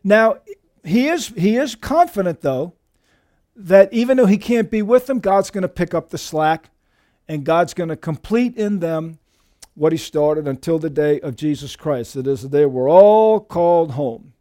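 A man preaching a sermon as pastor, emphatic and lively, often calling his listeners dear friends. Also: unhurried. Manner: emphatic preaching with lively shifts in pitch and volume.

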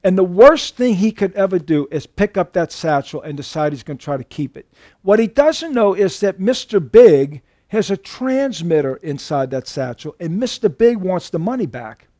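A man's voice: high-pitched, dark tone, no room sound, studio quality. A male pastor preaching a sermon, telling stories in a folksy, emphatic way.

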